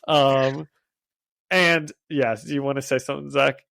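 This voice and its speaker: A man hosting a podcast, recapping an episode in an animated way and laughing often as he retells it. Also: medium pitch, a little slow, vocal fry, no echo. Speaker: podcast host.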